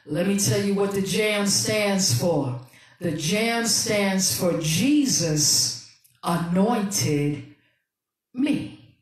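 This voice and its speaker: A woman pastor with a lowish, darkish voice hosts a livestreamed sermon and music ministry, soulful and encouraging as she calls out to viewers in street-slang church talk. The room is echoey, her voice comes from a distance, and music plays in the background.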